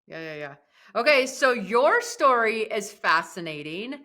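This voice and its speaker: A woman hosts a podcast with a bright, forward tone and an effusive, enthusiastic manner. Her speaking pitch sits in an ordinary middle range. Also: sing-song, unhurried. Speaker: podcast host. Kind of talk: casual interview.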